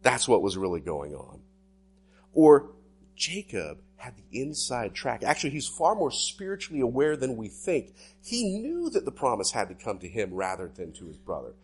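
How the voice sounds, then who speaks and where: A male pastor delivering a sermon in an animated preaching style with sweeping swings in pitch. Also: normal speed, husky, faint music behind.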